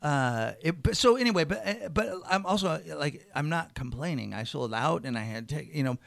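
A middle-aged man, a comedian guest, telling a rambling, animated story in casual chat and swearing freely. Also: fairly high pitch, fairly quick, creaky, dry recording.

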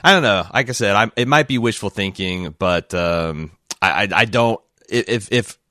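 Deep-voiced rambling podcast host. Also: male voice, lively intonation, moderate pace, bright, forceful tone, dry recording, clean studio sound. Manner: rambling, frequent restarts. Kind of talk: casual discussion and read-aloud.

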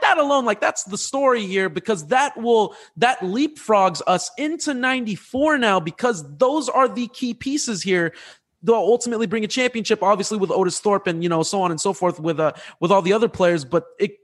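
A male podcast host telling sports stories in an animated, excitable way, often restarting his sentences. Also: sits high. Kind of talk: casual sports chat and storytelling.

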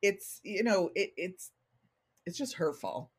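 Husky and fairly low-pitched, a middle-aged woman takes her time as she talks candidly in a casual podcast interview. An organizational consultant, she gets animated and acts out quoted remarks from people she deals with.

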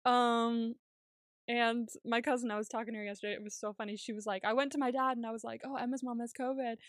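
A woman's voice: a little high, fairly even intonation, fast talker, dry recording, studio quality. A young woman co-hosting a podcast, chatting casually and telling stories with lots of laughter and acted-out quotes. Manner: chatty storytelling, laughs often, acts out quotes. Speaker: podcast co-host. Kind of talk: casual chat.

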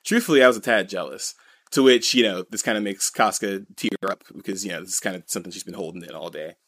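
Low-voiced man casually recapping a story. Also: fast, a bit bright, no echo. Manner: rambling retelling, full of "you know" and "kinda". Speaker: podcast co-host. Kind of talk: casual chat recapping a manga chapter.

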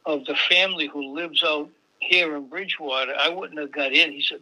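Older man, sharp bright tone, slightly high pitch, profane storyteller, casual interview. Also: a little fast, rough recording. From Boston area. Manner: swearing, acts out voices in anecdotes. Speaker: jazz saxophonist guest.

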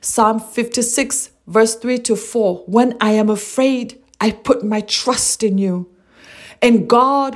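A woman's voice: on the high side, takes it slowly. A woman giving a devotional sermon, earnest, reading scripture aloud and asking rhetorical questions. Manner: earnest, repeats lines, asks rhetorical questions. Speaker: preacher.

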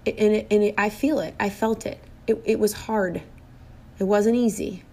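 A middle-aged woman talks through something personal, earnest and heartfelt. Her voice sits at a middling pitch, and she circles back to the same phrases to drive them home. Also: fairly even intonation, moderate pace, dark tone. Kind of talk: personal reflective monologue.

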